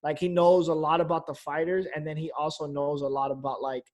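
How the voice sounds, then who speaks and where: Man, comedian, fairly high voice, casual podcast chat, rambling, fillers, mild swearing. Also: flat delivery, fairly quick, darkish tone. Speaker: comedian guest.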